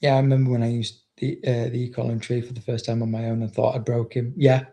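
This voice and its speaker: A man's voice: mid-range voice, little pitch movement, fast talker, vocal fry, warm tone. A man, a dog trainer, chatting casually on a livestream and reading out viewer comments, blunt and swearing constantly as he rambles.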